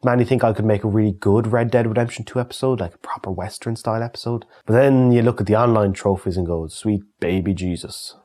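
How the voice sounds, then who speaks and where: A man's voice: fairly low pitch, fast talker, hardly any pauses, dark tone. An Irish man in his thirties, chatting casually and answering viewer questions with loose, swearing humour. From Ireland. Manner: chatty and swears freely, reads questions aloud. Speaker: YouTube creator answering fan questions. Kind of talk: casual solo Q&A chat.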